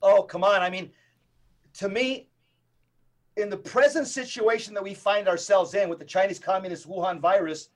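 A high-pitched middle-aged man, a Catholic evangelist, is a guest on a podcast. He speaks forcefully like a preacher, piling up quick lists and repetitions.

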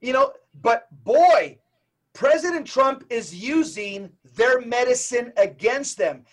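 Guesting on a podcast, a middle-aged man who works as a Catholic evangelist talks with preacher-like emphasis, quick lists and repetition. His voice is very high and animated.

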